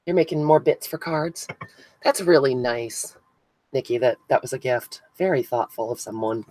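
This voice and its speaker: Her voice is extremely low and warm, moving at a moderate pace, as she hosts a casual craft stream from an indoor crafting table. She addresses viewers by name and thinks aloud while gluing buttons, and the dry recording is of low quality.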